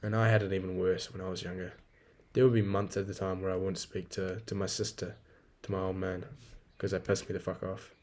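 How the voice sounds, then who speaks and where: Profane young man, low voice. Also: little pitch movement, a little fast, few pauses, a little mellow. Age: 20s. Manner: profane, rambling, venting. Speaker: podcast host. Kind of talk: casual solo podcast monologue.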